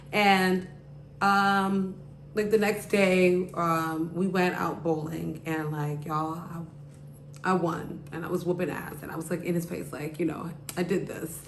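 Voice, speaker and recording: A woman's voice: on the low side, slight background noise. Rambling woman podcast host, echoey room. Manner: rambling, heavy use of "like" and "you know". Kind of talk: casual storytelling.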